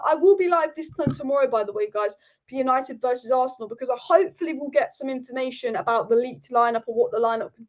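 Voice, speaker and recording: A woman's voice: high-pitched, lo-fi sound. A woman hosting a live football chat stream, talking animatedly, reading out viewer comments and swearing casually. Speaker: football channel host.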